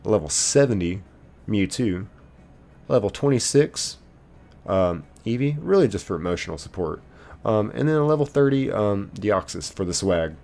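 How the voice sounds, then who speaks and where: A man's voice: lowish voice, expressive, normal speed, gravelly, a little mellow. A man live streaming a game, reading viewers' chat messages aloud and answering them playfully. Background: faint game music.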